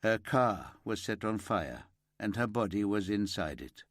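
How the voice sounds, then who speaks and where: Man reading a weary inspector: low, careful, gentle, slow audiobook read. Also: animated, no echo, clean studio sound.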